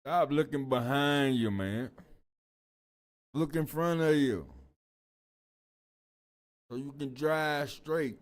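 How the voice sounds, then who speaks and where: Slow-talking male reaction host, drawling slang, casual commentary. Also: mid-range voice.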